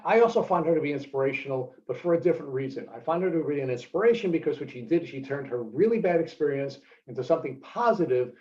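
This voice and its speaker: A man's voice: on the high side, darkish tone. A man co-hosting a podcast, earnestly introducing the guest in a prepared intro. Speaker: podcast co-host. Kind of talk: scripted introduction. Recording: dull lo-fi sound.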